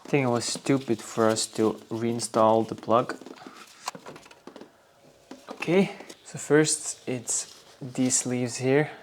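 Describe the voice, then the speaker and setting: A man's voice: mid-range voice, steady tone, slow, long pauses, noisy background. A man hosting a car restoration video, explaining each step casually while he works in a garage workshop. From Norway.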